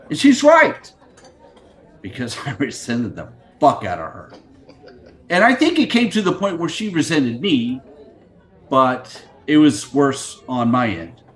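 Lively middle-aged podcast host, crude. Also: male voice, mid-range voice, a little slow. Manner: crude, joking, scatterbrained. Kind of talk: casual rambling monologue. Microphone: video call.

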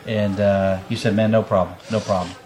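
A man's voice: fairly low pitch, flat delivery, a little fast, darkish tone. Profane rambling man telling a story. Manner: rambling, profane, laughs often. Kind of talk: casual storytelling chat.

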